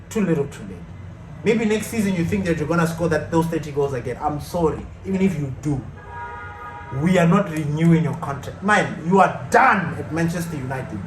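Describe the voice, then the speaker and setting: High-pitched guy ranting hard about his team, swearing a lot, echoey room. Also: animated, brisk. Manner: heated, swearing, repetitive outbursts. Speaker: fan channel host. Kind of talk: ranting fan commentary. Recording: echoey room with faint noise.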